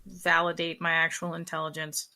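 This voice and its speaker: A woman's voice: low-pitched, monotone, moderate pace, bright, forceful tone. Blunt, exasperated young woman co-host. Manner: blunt, exasperated, swears freely. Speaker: podcast co-host. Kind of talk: casual chat.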